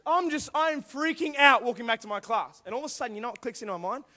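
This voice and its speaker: High-voiced man telling stories. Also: quick pace. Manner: animated, acts out voices, bursts into shouting. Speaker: youth speaker. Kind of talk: storytelling youth sermon.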